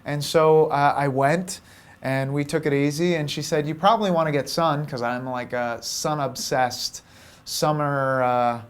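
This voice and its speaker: Young male vlog host, higher-pitched, candid and chatty, slips into whispers. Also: steady tone, unhurried, clean tone. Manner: candid, chatty, drops into soft whispers for his inner voice. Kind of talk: casual storytelling monologue.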